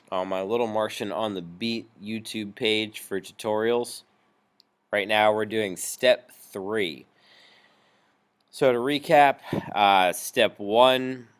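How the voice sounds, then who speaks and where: A man teaching a music software tutorial, explaining each step patiently with frequent ums. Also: fairly low pitch, a little hiss or hum. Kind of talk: screen-recorded software tutorial.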